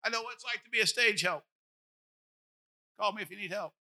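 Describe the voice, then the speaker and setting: A man's voice: sits high, fairly quick, bright, forceful tone. A man in his forties preaching a sermon as pastor, with an impassioned, repetitive cadence. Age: 40s.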